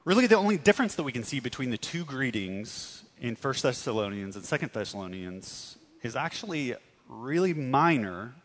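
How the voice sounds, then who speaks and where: Earnest preaching man in a reverberant hall. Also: medium pitch. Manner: earnest, emphatic preaching with dramatic pauses and drops to soft tones. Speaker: pastor. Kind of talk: sermon.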